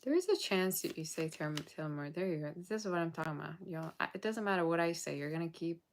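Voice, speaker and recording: A woman with a low, gravelly voice gives a casual tarot reading to her viewers. She is blunt and sassy and sounds tired late at night. A faint hiss sits under the recording. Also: animated, fast talker. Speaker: tarot reader.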